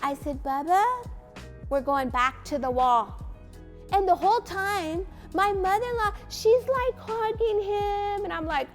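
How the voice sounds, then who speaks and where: A woman pastor giving parenting advice through a lively personal story, acting out the voices of those in it. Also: extremely high pitch, measured pace. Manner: animated storytelling, acts out quotes. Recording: faint music behind.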